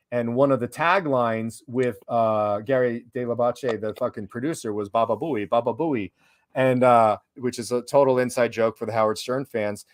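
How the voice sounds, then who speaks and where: A man's voice: mid-range voice, no room sound, clean studio sound. A man hosting a casual live stream, over-caffeinated, swearing constantly and rambling from one thought to the next. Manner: profane, rambling, jumpy. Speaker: livestream host.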